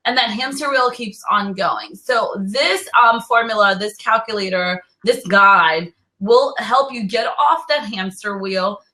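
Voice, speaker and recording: Jersey-accent woman cohosting a live stream, bright tense voice, rambly and playful. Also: mid-range voice, unhurried, rough recording. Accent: New Jersey. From New Jersey. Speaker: co-host. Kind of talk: casual live-stream chat.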